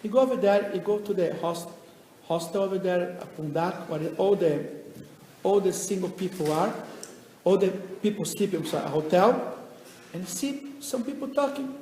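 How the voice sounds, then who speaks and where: A high-voiced man who is a rabbi, telling stories in a lecture and acting out each character with animated delivery. His voice rings in a roomy hall with a long reverb, and faint noise sits underneath. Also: normal speed. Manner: animated, acts out the people in his stories, non-native phrasing. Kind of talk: storytelling lecture. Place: lecture venue.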